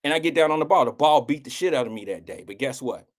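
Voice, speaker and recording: A middle-aged man hosting a live show, telling a personal story in a blunt, animated way, with casual swearing and acted-out quotes. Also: quick pace. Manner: animated, acts out quotes with swings in pitch. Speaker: host.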